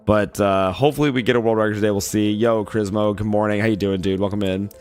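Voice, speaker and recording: A man who has just woken up, with a raspy voice, chatting casually on a livestream, greeting viewers and rambling with lots of fillers. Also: fairly low pitch, steady tone, fast, a little mellow, faint music behind. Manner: loose and rambling, many "like" fillers, greets chat by name. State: just woke up, yawning. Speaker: streamer.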